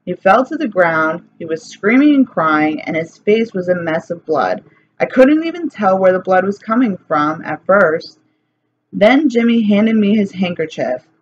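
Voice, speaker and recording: A woman reading a children's chapter book aloud in a lively, plain storytelling way. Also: mid-range voice, measured pace. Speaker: reader. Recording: slightly dull recording, faint hiss.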